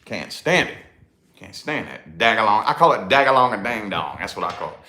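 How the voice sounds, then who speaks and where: A man with a Tennessee accent chatting on a vlog, rambling and circling back with "you know what I mean." His voice is bright and swings lively up and down. It sounds roomy and echoey. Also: fairly low pitch, a little fast. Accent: Southern US, Tennessee. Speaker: vlog host, musician. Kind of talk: casual chat. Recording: roomy echo.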